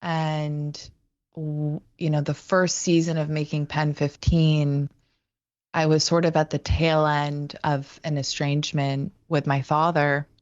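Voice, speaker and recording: A woman in her thirties, a guest talking reflectively and haltingly in an interview, with frequent restarts. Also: deep voice, flat delivery, dry recording, muffled recording. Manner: thoughtful, halting, many restarts. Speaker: guest, actor and writer.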